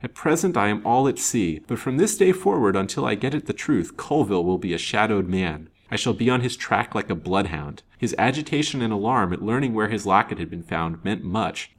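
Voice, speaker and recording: Man reading self-assured detective, frank, earnest, fairly low voice. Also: lively intonation, a little fast, hardly any pauses. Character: confident, shrewd male detective. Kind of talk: storybook reading.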